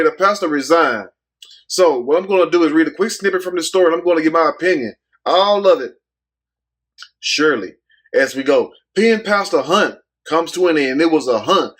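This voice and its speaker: A man talks straight to his viewers in a loose, mocking commentary rant. He curses freely and riffs on the news with jokes. His voice sits a little higher than most men's. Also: a bit bright. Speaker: YouTube commentary host.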